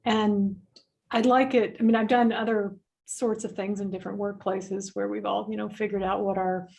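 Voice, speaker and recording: A woman's voice: mid-range voice, flat delivery, normal speed, vocal fry, a little mellow. A woman in the audience asking a question during an online Q&A, friendly and hesitant in her phrasing. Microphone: video call.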